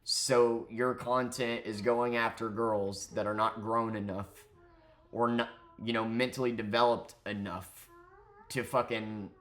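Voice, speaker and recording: A man's voice: lowish voice, fairly even intonation, unhurried, a bit bright. Angry profane male ranter. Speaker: commentary YouTuber. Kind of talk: ranting commentary.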